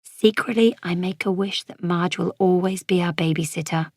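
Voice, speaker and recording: A woman reading a children's storybook aloud, gently and expressively in a child's voice of narration. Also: lowish voice, steady tone, normal speed, dry recording, studio quality.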